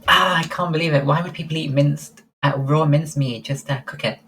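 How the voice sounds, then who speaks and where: A woman's voice: deep voice, normal speed, a bit bright, a little hiss or hum, poor audio. A woman livestreaming, chatting casually and answering her viewers' messages one by one. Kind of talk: casual chat with live viewers.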